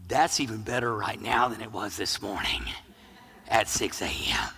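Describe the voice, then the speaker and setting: A middle-aged male pastor preaching with jokes, swinging between loud emphasis and hushed near-whispers. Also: lowish voice, sing-song, moderate pace, creaky, breathy edge, long reverb tail. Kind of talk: sermon.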